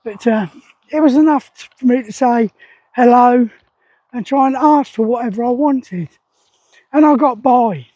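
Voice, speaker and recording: A man in his sixties talks in a rambling, plain-spoken way, with a strikingly high voice. His tone is soft and mellow. The sound is dry and a little dull and muffled, recorded outdoors. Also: measured pace, pauses often, no echo. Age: 60s. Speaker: army veteran vlogger. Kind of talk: casual spoken vlog. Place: outdoors beside a loud weir.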